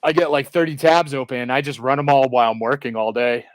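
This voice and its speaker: A man's voice: medium pitch, steady tone, quick pace, dry recording. Laid-back man, dry sound. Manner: laid-back, lots of fillers and chuckles. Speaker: live stream host. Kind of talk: casual chat.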